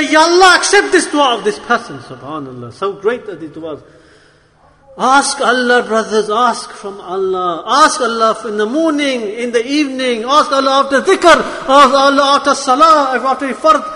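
A man's voice: very high-pitched, pushed and bright, long reverb tail. A man preaching an emotional sermon to his brothers, pleading and impassioned, his voice rising and falling sharply.

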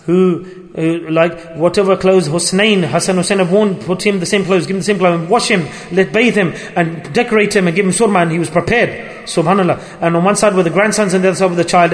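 A man's voice: high voice, big-room sound. A man preaching a Sufi sermon with passion, firing rhetorical questions and acting out the speech of the people he quotes.

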